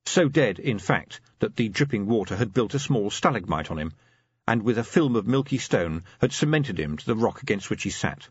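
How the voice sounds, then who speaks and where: Husky man narrating an audiobook, expressively. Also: lowish voice, normal speed, no echo, highs cut off. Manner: lively, expressive storytelling. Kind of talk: scripted narration.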